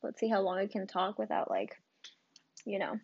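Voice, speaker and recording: A woman's voice: medium pitch, very animated, moderate pace, gravelly, a little mellow, slightly rough, dry recording, lo-fi sound. A young woman in her twenties hosting her own podcast in a rambling, casual chat full of ums, likes and swearing, still recovering from covid, with a cough and short breath. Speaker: podcast host.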